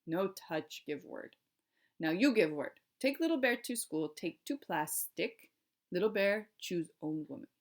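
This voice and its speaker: A woman's voice: fairly low pitch, animated, measured pace. A woman voicing a proud, sly little warrior man who speaks in clipped, terse phrases. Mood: blunt.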